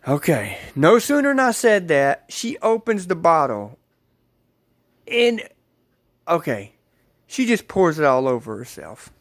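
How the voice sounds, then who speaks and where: A man's voice: fairly high pitch, sing-song, measured pace, pauses often, dry recording, clean studio sound. A man telling a rambling story to his viewers, repeating himself and calling them guys. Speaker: vlogger. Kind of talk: casual storytelling to camera.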